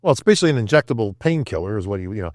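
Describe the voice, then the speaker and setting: Older male guest, upstate NY roots, animated storyteller, dry studio sound. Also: on the low side, very fast, dry recording. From upstate New York. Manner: animated, acts out quotes, says "bro" and "right?". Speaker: podcast guest. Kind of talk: casual storytelling.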